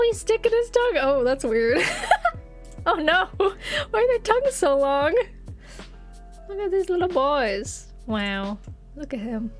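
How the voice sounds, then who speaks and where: High-pitched woman chatting on her stream, lots of giggles, desk mic, bit of music playing under. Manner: giggly, easily excited, reads chat aloud. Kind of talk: casual chat stream. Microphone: desk microphone.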